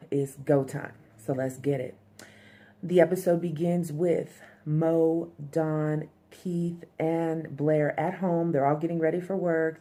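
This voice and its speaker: A woman with a low, mellow voice talks through a TV episode scene by scene. She is chatty and casual, filling pauses with "um" and tossing asides to her viewers. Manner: chatty, frequent "um", addresses viewers as fam and y'all. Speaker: TV episode recapper.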